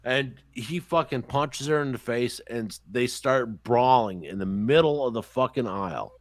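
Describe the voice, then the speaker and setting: A man tells stories on a podcast in loose, casual chat, swearing freely and acting out what others said. His voice sits at an ordinary middle pitch. The recording is dry, with little room sound. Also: measured pace, no room sound. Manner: profane, animated storyteller. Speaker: podcast host.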